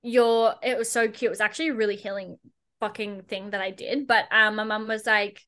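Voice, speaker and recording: A young woman chats on a podcast in a casual, blunt way. She is sarcastic and swears freely. Her voice is bright and a little high. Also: fairly even intonation, fairly quick. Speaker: podcast guest, entrepreneur.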